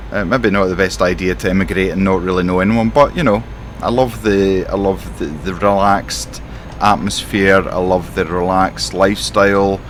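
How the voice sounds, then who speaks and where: Low-voiced Scottish man griping while gaming. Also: slight background noise. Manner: rambling, exasperated griping. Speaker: simulation gamer playing a truck driver. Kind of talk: casual in-character game commentary.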